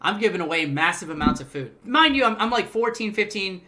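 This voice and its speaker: A young man casually telling a story from his past, animated and profane, acting out other people's voices as he goes. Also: high voice, fairly quick.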